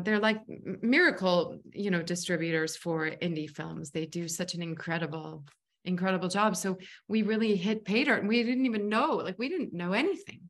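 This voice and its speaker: An actress and filmmaker, appearing as a podcast guest, tells stories in a casual interview. Her voice is lowish and fairly bright, and her chatty, rambling talk is full of fillers and restarts.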